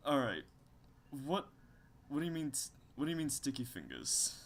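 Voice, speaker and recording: A man's voice: mid-range voice, wildly swooping pitch, unhurried, vocal fry. A man playing a tabletop game, chatting in a laid-back, joking way. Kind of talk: casual chat.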